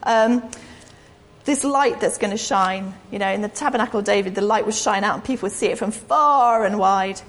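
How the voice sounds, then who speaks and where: A woman's voice: mid-range voice, moderate pace. A woman giving an informal, rambling, self-deprecating sermon in a church hall. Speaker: preacher. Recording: echoey hall.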